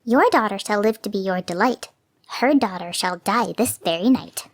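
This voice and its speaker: A woman's voice: medium pitch, expressive, normal speed, lightly acted. A woman voicing a little talking dog that chants rhymed warnings in a storybook tale. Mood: chanting. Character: little prophetic barking dog, male.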